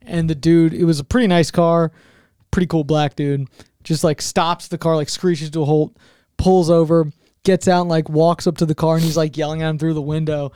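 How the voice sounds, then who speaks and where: Brief: male podcast co-host, slightly high, smooth clear voice, animated storyteller. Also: moderate pace, no room sound, studio quality. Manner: animated storyteller, acts out quotes. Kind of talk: casual chat.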